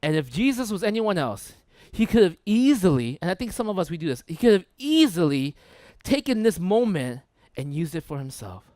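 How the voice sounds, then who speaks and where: A man's voice: sits high, big pitch swings, normal speed, a little mellow, no echo. A man preaching a sermon as pastor, talking conversationally, often checking in with "right?" and "okay?" and repeating words for emphasis.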